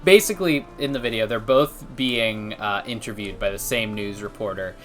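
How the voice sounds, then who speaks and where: A man's voice: on the low side, moderate pace, faint music behind. A young man co-hosting a casual gaming chat in a laid-back, dry manner, swearing casually. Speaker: co-host, gamer.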